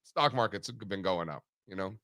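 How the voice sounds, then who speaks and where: A man hosting a live market show, brash and animated, swearing casually as he chats. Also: low-pitched, normal speed. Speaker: host. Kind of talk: casual livestream chat.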